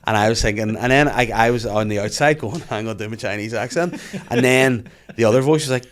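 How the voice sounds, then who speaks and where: A man hosting a podcast, telling animated stories in casual chat and swearing freely. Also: on the low side, fast, hardly any pauses. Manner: animated storytelling, frequent swearing. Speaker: podcast host.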